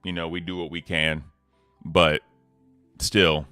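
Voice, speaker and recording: A man hosting a casual livestream, laid-back and slangy, giving hype shout-outs to the community. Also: sits low, flat delivery, slow pace, smooth, no echo, faint music behind. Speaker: host.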